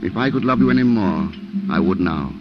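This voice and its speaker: A man's voice: deep voice, animated, fairly quick. An actor playing a devoted colonial husband who comforts his wife, in a 1940s radio drama style. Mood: tender. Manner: tender, reassuring. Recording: muffled old radio recording with music.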